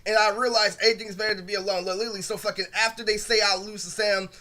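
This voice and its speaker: A man with a high, bright voice rants through a personal story, vlog-style. He talks in loose, rambling bursts, swears constantly and leans on filler words. The telling sounds aggrieved throughout. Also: flat delivery, racing. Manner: aggrieved, ranting retelling. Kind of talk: casual storytime monologue.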